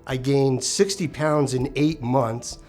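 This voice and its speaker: A man in a documentary interview speaks in an everyday mid-range voice. He sounds earnest and personal. Soft music sits under his words. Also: medium pitch, fairly even intonation, slow. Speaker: patient and father.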